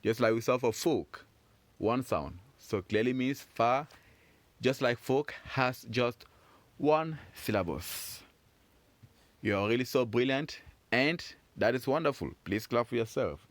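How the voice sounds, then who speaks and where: A man teaching a French phonics lesson for children, encouraging and repeating words slowly for learners. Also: medium pitch, lively intonation, dry recording.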